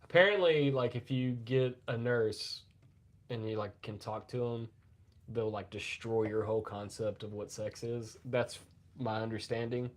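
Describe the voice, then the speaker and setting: A man's voice: medium pitch, a little slow. Coughing middle-aged man telling rambling stories. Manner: profane, rambling storyteller with coughing fits. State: lingering chesty cough after pneumonia. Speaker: podcast co-host. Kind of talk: casual live podcast banter.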